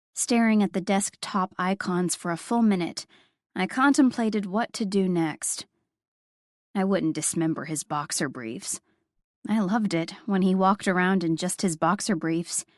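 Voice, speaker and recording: A woman narrates a first-person story with wry, expressive delivery, at a middling pitch. The recording is dry and close, with no room sound. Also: no echo. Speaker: audiobook narrator.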